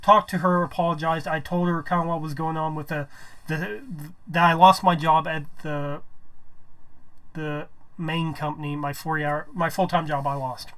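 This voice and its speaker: A man's voice: on the high side, level tone, normal speed, a bit bright. A man telling a personal story to camera, rambling, restarting his sentences and swearing when aggrieved. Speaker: vlogger.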